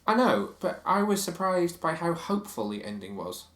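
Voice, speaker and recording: A man's voice: a little high, big pitch swings, normal speed, fairly bright tone. Opinionated man chatting, roomy sound. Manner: opinionated, reads quotes aloud. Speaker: podcast co-host. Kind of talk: casual chat.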